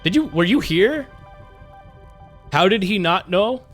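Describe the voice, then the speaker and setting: A man streaming a game live, chatting casually with his viewers, excitable and swearing freely. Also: high-pitched, slow, soft background music. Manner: excitable, swears, talks to chat.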